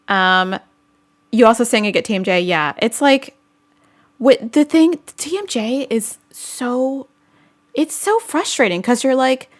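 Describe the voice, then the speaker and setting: Young woman vlogger, fairly high-pitched, chatty, giggly, casual talk full of fillers. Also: lively intonation, a little slow. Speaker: vlogger answering viewer questions. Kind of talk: casual chat.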